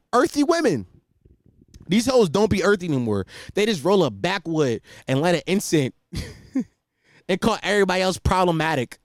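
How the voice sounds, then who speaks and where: A young man rants on his podcast in a high voice that swoops up and down as he talks. He is profane and animated, and he laughs at his own stories. The sound is dry and close. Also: dry recording. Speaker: podcast host. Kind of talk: casual comedic rant.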